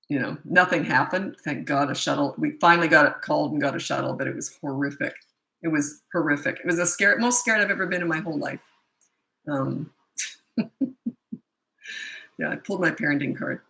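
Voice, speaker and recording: A woman's voice: low voice, moderate pace, creaky, long pauses, pushed and bright, rough recording. A middle-aged woman parenting coach answering questions in a casual, blunt and matter-of-fact way. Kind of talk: casual Q&A advice talk.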